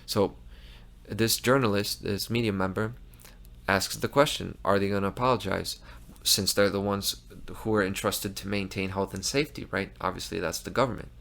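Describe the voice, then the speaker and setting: Low gravelly guy hosting his own show, heated and emphatic, keeps restarting words. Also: fairly even intonation, normal speed, fairly bright tone. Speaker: host. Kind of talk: impassioned commentary monologue.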